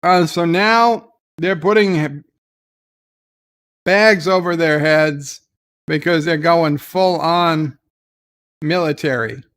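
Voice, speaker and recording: A slightly high, somewhat bright male voice comes through cleanly, slow and often pausing. He's running a relaxed live watch-along, recapping scenes loosely with lots of "uh" and "like" while tossing off replies to the chat.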